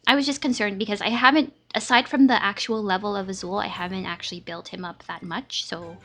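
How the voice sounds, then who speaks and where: A woman's voice: medium pitch, a little fast, fairly bright tone. Chatty woman over game music. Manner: chatty, many fillers, thinking aloud. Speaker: gaming YouTuber. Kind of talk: casual gameplay commentary. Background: faint game music.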